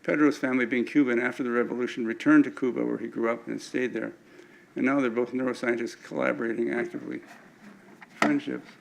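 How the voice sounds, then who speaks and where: A man's voice: mid-range voice, steady tone, fast, vocal fry, rough recording. An older man giving an anecdotal lecture with slides at an alumni event, often stumbling and restarting his words.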